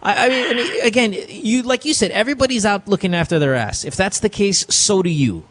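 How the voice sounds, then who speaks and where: A man hosting a call-in advice podcast, talking bluntly and profanely and acting out the caller's relatives in quick asides. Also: sits high, expressive, a bit bright, slight background noise. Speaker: podcast host. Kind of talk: casual advice chat.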